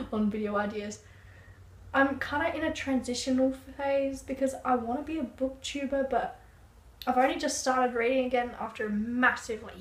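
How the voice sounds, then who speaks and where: A young Australian woman chatting casually as a book vlogger, rambling, with frequent "like" fillers. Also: fairly high pitch. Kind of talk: casual chat. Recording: echoey room, faint background noise.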